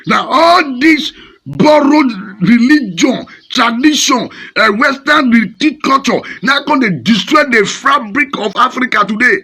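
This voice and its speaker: A Nigerian pastor delivering a fiery, scolding sermon in Pidgin-laced English. His voice is high, bright and gravelly, with wild pitch swings, and it has a raspy, husky edge. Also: animated, unhurried.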